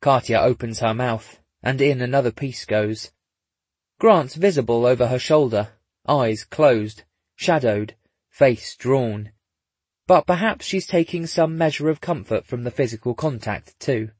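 A man narrating a story in a husky voice, dropping in dry, wry asides. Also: mid-range voice, a little slow, darkish tone, no echo. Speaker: audiobook narrator. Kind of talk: scripted narration.

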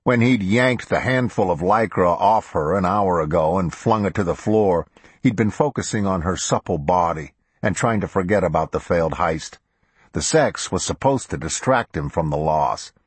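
A man narrating a crime novel as an audiobook in a steady, measured way. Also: sits low, breathy edge, no room sound. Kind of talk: scripted narration.

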